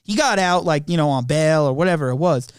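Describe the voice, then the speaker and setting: A man's voice: fairly high pitch, lively intonation, fast, clean tone, dry recording, clean studio sound. Laughing young man telling family stories. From Long Island, New York. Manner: laughing storyteller, slangy, acts out quotes. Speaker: podcast co-host. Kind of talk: casual storytelling chat.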